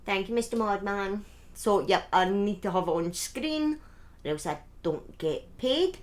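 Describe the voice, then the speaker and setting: A woman chatting casually to her viewers on a live stream from home, excitable and thanking people by name. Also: medium pitch, measured pace. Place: at home in front of a webcam.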